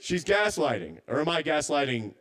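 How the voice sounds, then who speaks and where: A man's voice: on the high side, very animated, moderate pace, a bit bright. A man doing a stand-up set at a live open mic, rambling and self-doubting, stammering through restarts.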